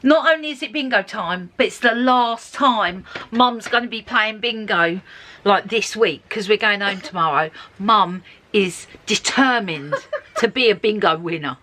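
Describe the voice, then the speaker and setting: A woman's voice: mid-range voice, expressive, unhurried, sharp tone. A middle-aged woman narrating a casual vlog to camera in a chatty, upbeat way. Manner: chatty and upbeat, with frequent laughs. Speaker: vlogger.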